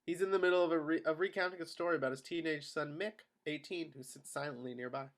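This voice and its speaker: A man narrating the stage directions of a screenplay at a table read in a steady, matter-of-fact way. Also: fairly high pitch, fast. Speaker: narrator of action lines.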